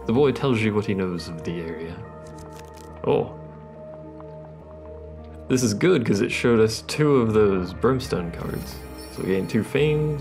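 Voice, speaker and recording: Wry man with gravelly gameplay commentary. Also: lowish voice, animated, a little slow, music in the background. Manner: wry, reads game text aloud between remarks. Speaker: let's play host.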